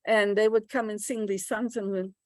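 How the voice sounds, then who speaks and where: A woman's voice: medium pitch, fairly even intonation, moderate pace, no echo. An older woman giving a live pronunciation workshop for teachers, chatty and demonstrating sounds aloud. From United States. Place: classroom.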